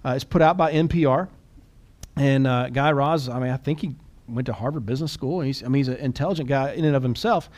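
A man co-hosting a podcast in casual chat, quick and animated, often restarting and repeating words. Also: medium pitch. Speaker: podcast co-host.

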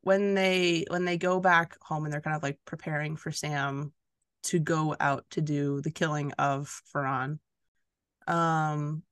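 A woman's voice: deep voice, fairly even intonation, measured pace, smooth, no echo. A woman co-hosting a podcast, chatting casually about a book, rambling and laughing often. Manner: giggly, rambling storyteller. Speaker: podcast co-host.

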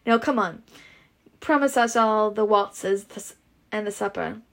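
A woman's voice: medium pitch, unhurried, creaky. A woman reading a story aloud and voicing eager young male twin suitors in a boyish, pleading manner.

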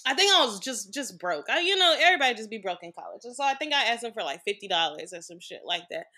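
A woman's voice: on the high side, very animated, fast, sharp tone. A woman guest on a podcast, telling a personal story in a blunt, frank way and swearing freely.

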